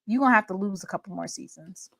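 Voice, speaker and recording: A woman's voice: medium pitch, fast, creaky, a bit bright, dry recording, clean studio sound. A woman hosting a live sports talk stream, chatting straight to her viewers in a sassy, gossipy way. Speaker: livestream sports show host.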